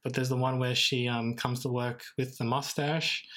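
A podcast co-host speaking thoughtfully in casual chat, pausing often and restarting sentences. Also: mid-range voice, flat delivery, fairly bright tone. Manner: thoughtful, hesitant with many ums and restarts.

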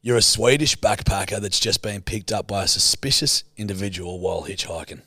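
A man's voice: lowish voice, brisk, sharp tone, no room sound, clean studio sound. A laid-back man, hosting a casual podcast and swearing freely. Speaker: podcast host.

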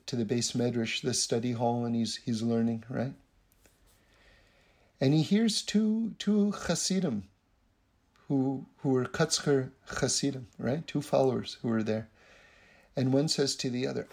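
A man telling a story in a lively way, acting out the voices of the people in it and laughing between lines. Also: medium pitch, gravelly, slightly rough. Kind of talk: animated storytelling talk.

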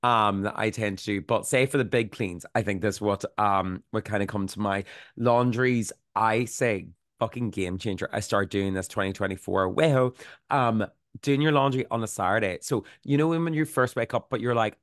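A man's voice: lowish voice, moderate pace, no room sound, studio quality. A man co-hosting a podcast, telling stories in a loose, laughing way with lots of fillers. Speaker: podcast co-host. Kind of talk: casual podcast chat.

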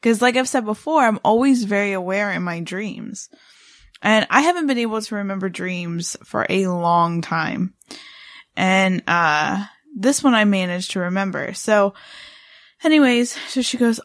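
A woman's voice: mid-range voice, moderate pace, dry recording, clean studio sound. A woman co-hosting a podcast, telling a story in a rambling, casual way with lots of fillers and restarts. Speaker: podcast co-host.

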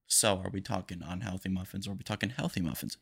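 Young male podcast host, lowish voice, fast rambling chat with nervous energy. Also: vocal fry, breathy edge. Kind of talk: casual solo podcast monologue.

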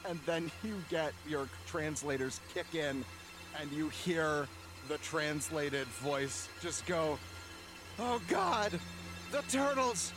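A man narrating a tabletop game as game master, hesitant, with frequent ums and laughs. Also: fairly high pitch.

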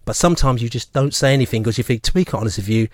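A man, a regular on a radio fan show, telling a long story in a rambling, animated way and acting out the people he quotes. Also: medium pitch, rapid-fire, no echo, clean studio sound. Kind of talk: casual radio chat, storytelling. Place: radio studio. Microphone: studio microphone.

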